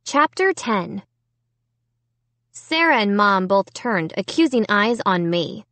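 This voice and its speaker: A woman narrating a children's book in an unhurried, expressive first-person telling. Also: medium pitch, no echo. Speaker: audiobook narrator. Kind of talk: storybook narration.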